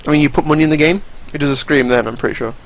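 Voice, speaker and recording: A man's voice: on the high side, very fast, poor audio. A young man giving casual, rambling, profane commentary over fighting game footage, often restarting his sentences.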